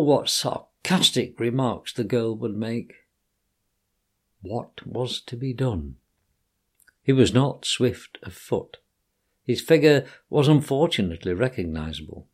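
Guy reading a kids' story out loud, super expressive, voice bounces around a lot. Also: medium pitch. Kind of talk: reading a children's story aloud.

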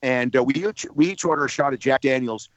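A man from New Jersey, a radio personality calling in to tell a lively anecdote, repeating words as he builds up the story. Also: mid-range voice, fairly quick, dry recording, lo-fi sound.

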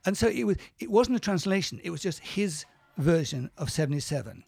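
A man talking in a casual interview, telling stories in a halting, self-correcting way and acting out the quotes. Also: on the high side, sing-song, vocal fry, darkish tone, slightly rough, no room sound, faint music behind. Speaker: interview guest, musician and producer. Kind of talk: casual storytelling in conversation.

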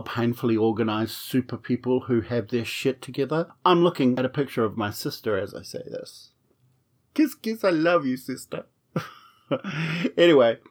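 Guy telling a funny messy dating story, frank, wry, swears a lot, mid pitch. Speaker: podcast storyteller. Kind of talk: comic personal storytelling.

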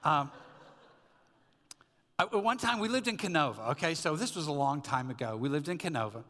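A man's voice: on the high side, lively intonation, normal speed, sharp tone, long reverb tail, slight background noise. A middle-aged man preaching a sermon as a pastor, conversational and storytelling with asides. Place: church sanctuary.

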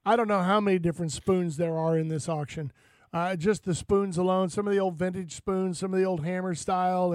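Radio host: man, high voice, dry close studio sound, eager and rambling. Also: a little mellow, no echo. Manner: enthusiastic, rambling, many restarts. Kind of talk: casual radio chat.

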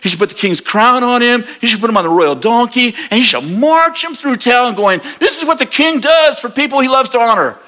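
A man voicing an arrogant male royal official in a retold story, boasting excitedly with laughter. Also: very high voice, brisk, few pauses, pitched above the performer's own voice, heavily acted. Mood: gleeful boasting.

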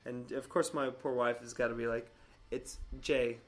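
A man in his thirties telling a story casually, animated and swearing, acting out quotes in a higher voice. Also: a little fast. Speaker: vlogger.

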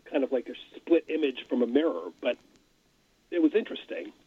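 A man's voice: fairly high pitch, big pitch swings, a little fast, husky. A man speaking as a guest on a radio show, thinking aloud hesitantly. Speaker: studio guest. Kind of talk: casual radio chat. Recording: thin phone-like radio sound.

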